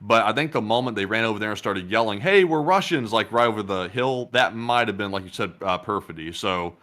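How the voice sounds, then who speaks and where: A man co-hosting a casual news talk show, measured and hesitant, often pausing on "uh". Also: on the low side, fairly even intonation, pushed and bright. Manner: hesitant, many "uh" fillers, measured. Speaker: co-host.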